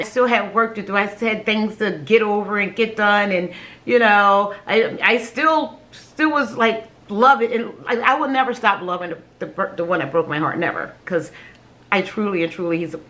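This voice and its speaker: A woman, a mother, telling a personal story to camera in a halting, emotional way, often repeating her words and laughing between phrases. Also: mid-range voice, bright, forceful tone. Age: adult with children. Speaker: vlogger sharing a personal story.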